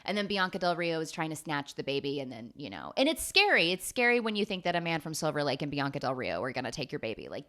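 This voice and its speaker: A woman in her twenties giving a rambling, sweary comedic movie recap full of lively asides. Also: low voice. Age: 20s.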